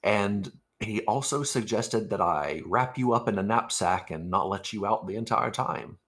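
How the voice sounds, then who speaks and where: A gruff older ex-soldier adventurer, voiced by a man in a tabletop role-play stream. His voice sits very low, and he delivers his lines with a dry, teasing manner. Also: normal speed, a bit bright.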